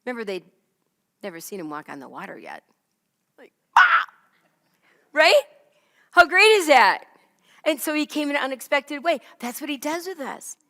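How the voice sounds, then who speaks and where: A woman's voice: high voice, sing-song, normal speed, long pauses, a bit bright, in a large hall. A woman teaching a Bible lesson in a conversational way, often checking in with "right?" and "okay?". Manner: chatty, keeps asking "right?" and "okay?".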